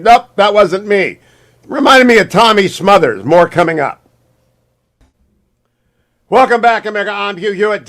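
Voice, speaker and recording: Emphatic male radio host. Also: a little high. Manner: emphatic, energetic, quick asides. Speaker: radio talk show host. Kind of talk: talk radio hosting.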